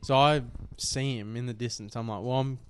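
Young Australian bloke, podcast co-host, foul-mouthed storyteller, mid-pitched. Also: male voice, fairly even intonation, normal speed, clean tone. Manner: crude, swearing, rambling anecdote. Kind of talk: casual storytelling chat.

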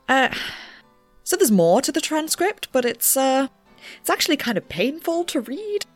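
A woman's voice: sits high, very animated, unhurried, dry recording, soft background music. A woman playing a nervous young researcher who bends the rules and narrates in a rambling, self-deprecating way. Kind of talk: audio drama narration.

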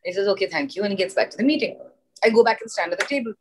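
Woman telling a lively anecdote. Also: medium pitch, rapid-fire, a little hiss or hum. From India. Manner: animated anecdote with acted-out dialogue and laughs. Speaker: guest actress. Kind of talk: casual interview storytelling.

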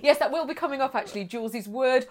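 A woman's voice: sits high, fast talker, very noisy. A woman co-hosting a chatty podcast, laughing often and reading listener letters aloud. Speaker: podcast co-host. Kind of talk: casual podcast chat.

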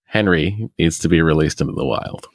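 A man's voice: rumbling low, sing-song, normal speed, creaky, breathy edge, no room sound, studio quality. A man co-hosting a casual podcast, teasing and joking, laughing at his own jokes. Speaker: podcast co-host. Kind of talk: casual chat.

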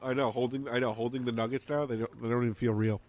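A man's voice: mid-range voice, steady tone, quick pace, a little mellow, slight background noise. Groaning, overfull podcast man. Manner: groaning and complaining about being full. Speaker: podcast co-host. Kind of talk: casual chat.

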